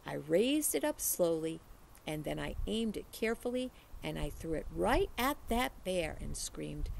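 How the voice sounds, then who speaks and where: Slow, gravelly woman reading aloud. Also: low-pitched. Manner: slow, expressive read-aloud. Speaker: teacher. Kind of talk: reading a children's novel aloud.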